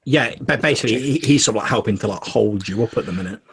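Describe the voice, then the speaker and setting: A man's voice: lowish voice, fast, breathy edge. A young man narrating a tabletop game as game master, casual and full of fillers.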